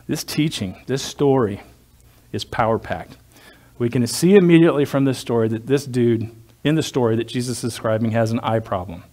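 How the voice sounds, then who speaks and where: A man's voice: medium pitch, normal speed, darkish tone. Joking, rambling male pastor preaching. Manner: conversational, digressive, joking asides. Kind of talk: sermon.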